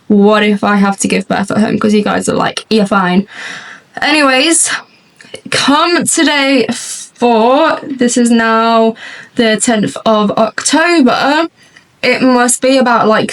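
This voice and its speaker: Doing her makeup on camera, this young beauty vlogger rambles through a long story in a fairly high voice, chatting away and frequently laughing. The rough recording catches her from a distance, slightly off-mic.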